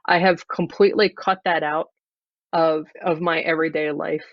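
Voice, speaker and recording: Deadpan improv guest, dry flat delivery, muffled lo-fi video call sound, middle pitch. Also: moderate pace, dry recording. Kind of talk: improvised in-character interview. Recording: dull lo-fi video call audio.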